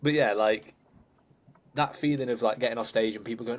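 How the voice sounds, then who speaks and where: A man's voice: mid-range voice, fairly even intonation, normal speed. A man co-hosting a podcast as a coach, chatting bluntly and swearing casually. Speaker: podcast co-host, bodybuilding coach.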